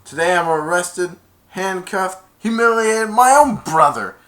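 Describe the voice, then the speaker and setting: A man putting on the voice of a blustering, competitive grown-man football coach, shrill and indignant. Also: lively intonation, measured pace, a bit bright.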